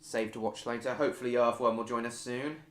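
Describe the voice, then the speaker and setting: A man's voice: mid-range voice, fairly even intonation, fast talker, roomy sound. A man hosting a live stream, chatting casually with viewers and reading out their comments, with frequent fillers and restarts.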